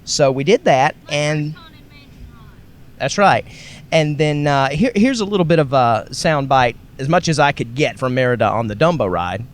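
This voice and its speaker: A man's voice: animated, moderate pace. A man hosting a podcast, recapping a family trip in a rambling, chatty way while riding in a car. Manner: rambling, chatty, self-correcting. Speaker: podcast host. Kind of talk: casual travel recap. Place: car on the road. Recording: faint road noise. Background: faint vehicle rumble.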